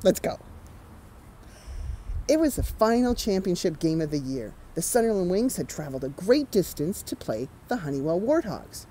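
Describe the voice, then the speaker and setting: Lively woman reading a picture book aloud. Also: lowish voice, normal speed, slight background noise, poor audio. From Canada. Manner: animated, chatty asides to young listeners. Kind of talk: children's storytime read-aloud.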